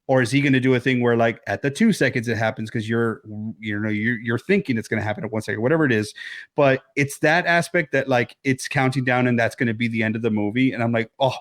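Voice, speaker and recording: A man co-hosting a horror film podcast over a remote call, retelling scenes with swearing and sudden high-voiced bits. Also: fast talker. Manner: animated, swearing, acts out scenes in high yelps. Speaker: podcast co-host. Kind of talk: casual film chat.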